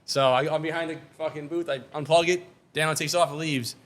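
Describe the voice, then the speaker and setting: A man telling a lively story on a casual podcast, acting out the other people in it. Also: a little high, brisk. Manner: animated storyteller. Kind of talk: casual chat.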